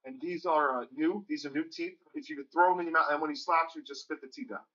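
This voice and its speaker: A man in energetic prank show banter, laughing and giving directions, in slightly muffled TV audio. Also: on the high side, quick pace.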